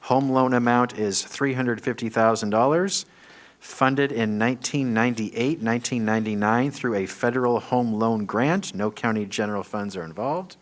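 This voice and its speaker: Man briskly reading meeting agenda items. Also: mid-range voice. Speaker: county administrator.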